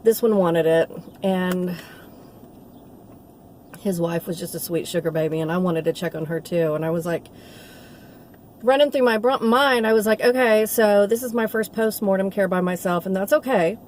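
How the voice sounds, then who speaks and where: A woman's voice: medium pitch, normal speed, pauses often, a little mellow, slight background noise. A middle-aged woman, a nursing assistant telling a rambling, heartfelt story in a casual vlog. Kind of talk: casual talking-to-camera vlog.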